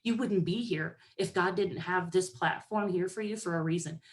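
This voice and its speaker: A young woman giving a lively pep talk to her team, sassy and animated, often acting out other people's voices. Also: fairly low pitch, moderate pace. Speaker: motivational speaker to a sales team.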